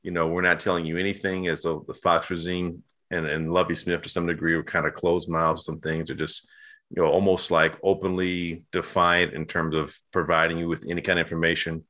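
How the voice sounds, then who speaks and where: A man co-hosting a casual sports talk show, animated and slangy, often stammering and repeating words. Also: deep voice, moderate pace.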